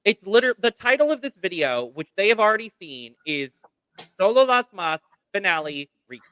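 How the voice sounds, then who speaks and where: A man co-hosting a podcast with a high, bright voice. He teases his friends with mock exasperation, his pitch leaping around, all on a close, dry mic. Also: very animated, moderate pace, clean tone, dry recording. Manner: exasperated, teasing, shady. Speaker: podcast co-host. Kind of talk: casual podcast banter.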